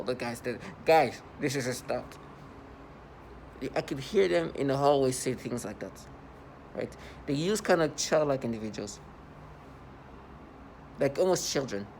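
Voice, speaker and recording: A man's voice: medium pitch, slight background noise. A man in an unscripted vlog monologue, rambling and repetitive, earnest and agitated, full of fillers and restarts. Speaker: vlogger.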